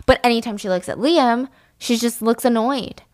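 A woman host casually recapping a story, animated and chatty, swearing freely. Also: fairly high pitch, moderate pace, dry recording, studio quality.

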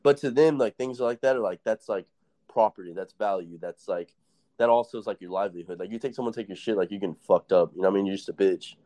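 A man's voice: lowish voice, fast, mellow. A young man hosting a casual chat, telling stories in a rambling, profane way and laughing often. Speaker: podcast host.

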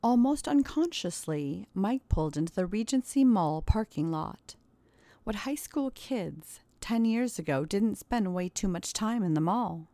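A woman narrating a story in a steady, measured way. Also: mid-range voice, no echo. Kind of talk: audiobook narration.

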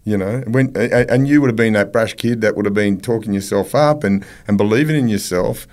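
A man's voice: fairly low pitch, fairly quick, a little mellow. A man hosting a casual chat, thinking aloud with a few restarts. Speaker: host.

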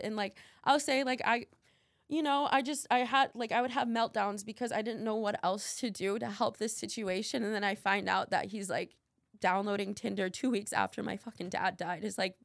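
A young woman with a gravelly, fry-edged voice, telling things in a rambling, emphatic way, full of fillers and casual swearing. The sound is dry and close, with no room around it. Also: mid-range voice, fairly even intonation, moderate pace, fairly bright tone, dry recording. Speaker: podcast guest. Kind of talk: candid casual interview talk.

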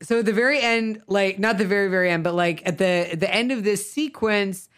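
A woman's voice: mid-range voice, brisk, fairly bright tone, clean tone. A woman chatting casually about a film, sarcastic and full of restarts.

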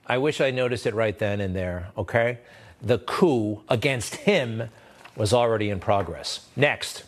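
Delivering his sarcastic take a little slowly, the TV news host stays animated, jumping up in pitch whenever he wants to stress a point.

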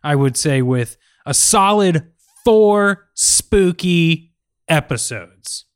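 A man co-hosting a podcast in a smooth, clean voice, recorded dry and close. He steers the talk with easy segues and jokes as he goes. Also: on the high side, animated, slow, no room sound. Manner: jokey, hosting segues, chuckles often. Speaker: podcast co-host. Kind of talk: comedic casual chat.

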